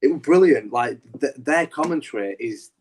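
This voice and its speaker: A man's voice: medium pitch, lively intonation, normal speed, slightly rough. A man co-hosting a wrestling podcast, talking animatedly in a rambling, casual way with lots of restarts. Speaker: podcast co-host.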